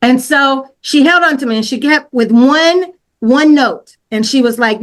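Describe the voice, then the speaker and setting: A fairly high-pitched woman talks casually through a personal work story on a podcast. She slips into slang, stops to restart her sentences, and puts energy into replaying her own side of the conversation. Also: brisk. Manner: animated retelling, acts out her own quoted lines louder and higher. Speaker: podcast guest.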